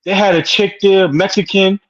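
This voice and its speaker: Man with a fairly high voice in casual chat, chiming in with quick reactions; muffled, lo-fi recording. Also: steady tone. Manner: chimes in with short reactions, then tells his own story.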